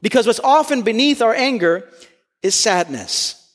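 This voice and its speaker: A man preaching a sermon to a congregation, earnest and emphatic, sometimes pushing to near-shouts on key points. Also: very high-pitched, lively intonation, normal speed. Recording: long hall reverb.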